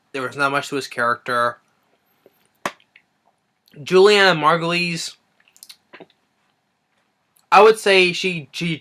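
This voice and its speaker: Man, casual movie review, halting, repeats himself, thinking aloud, crisp bright voice. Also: a little high. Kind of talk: casual spoken film review.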